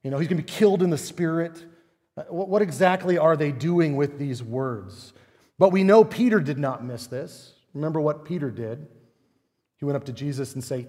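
A man preaches with a fairly high voice that rings out through a hall with long reverb. He talks animatedly, asking rhetorical questions and hammering his points with drama. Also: moderate pace, mellow. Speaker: pastor. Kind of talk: sermon.

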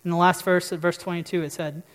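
A preacher talks through a sermon in an easy, conversational way at a middling pitch. Questions to the listeners come up often. The voice rings out with a long reverb, as in a large church. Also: little pitch movement, fast talker. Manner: conversational, asks the audience questions.

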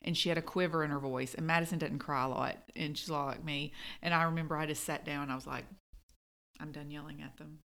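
A woman telling stories in casual chat as a podcast co-host, animated when she quotes people. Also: low voice, quick pace, hardly any pauses. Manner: storytelling, animated when quoting.

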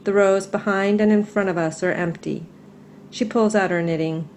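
A middle-aged woman reading her own personal essay aloud in a calm, measured, reflective way. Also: medium pitch, a little hiss or hum.

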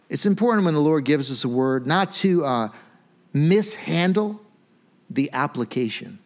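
Conversational pastor teaching scripture. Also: male voice, medium pitch. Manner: conversational, animated, frequent "right?" asides. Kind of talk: sermon teaching.

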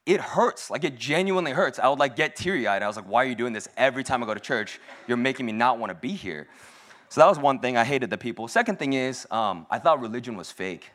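A man's voice: medium pitch, fairly bright tone. Joking, self-deprecating young man preaching. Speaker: speaker at a church service. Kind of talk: casual humorous sermon.

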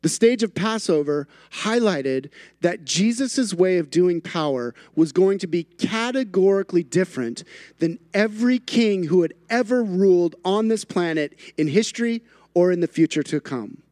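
A man preaching with a high, light voice. He is emphatic, stacks repeated phrases to build intensity, and slips in playful asides. The sound is close and dry, with no room echo. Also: expressive, moderate pace, darkish tone. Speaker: pastor. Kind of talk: sermon.

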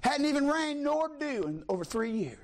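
High-pitched fiery preacher. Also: male voice, sing-song, normal speed. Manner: shouting, mocking, laughing, call-and-response. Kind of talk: fiery sermon.

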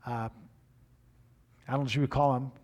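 An older man preaching and telling a story in a sermon, animated, with frequent repeated restarts. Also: mid-range voice, moderate pace. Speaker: pastor.

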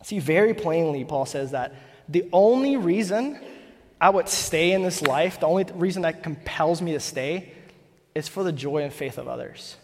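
A man's voice: fairly high pitch, lively intonation, moderate pace, darkish tone. A young man preaching a sermon on stage in a casual, conversational way, full of "like", building to emphatic points. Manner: casual, fillers of "like", rising to emphatic. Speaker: preacher, church planter. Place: church stage. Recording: long hall reverb.

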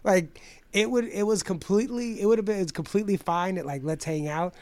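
A man's voice: high-pitched, fast talker, no echo. A man in his forties telling a story in casual chat, swearing a lot and acting out the people he quotes. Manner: profane, animated storytelling with put-on quotes.

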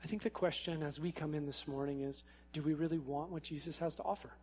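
A man preaching a sermon in a church, speaking in a casual, animated way with frequent fillers. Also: a little high, fast, husky. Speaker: pastor. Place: church sanctuary. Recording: echoey hall.

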